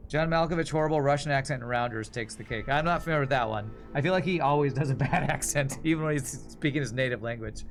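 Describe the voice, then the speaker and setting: A man's voice: mid-range voice, a little hiss or hum. A man streaming a video game, talking casually and musing aloud in a rambling way. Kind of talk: casual gameplay commentary.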